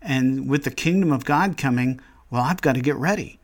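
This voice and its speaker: A man guides listeners through a quiet devotional meditation on scripture. His pitch sits in an ordinary middle range, and he speaks gently and earnestly. He stops mid-phrase and circles back as he thinks aloud. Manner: slow, reflective, gently earnest; pauses mid-phrase, restarts thoughts.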